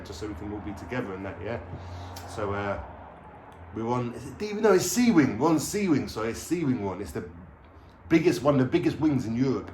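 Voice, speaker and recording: A man's voice: lowish voice, a little mellow, slight background noise. Man, echoey room storytelling. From London. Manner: rambling and slangy, swears freely, restarts. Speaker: vlogger. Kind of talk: casual storytelling to camera. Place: at home, indoors, with a dog.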